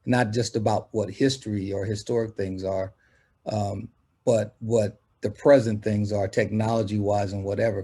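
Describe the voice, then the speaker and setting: A man, a music producer guest, answering an interview question in a measured, thoughtful way. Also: on the low side, gravelly, mellow, husky.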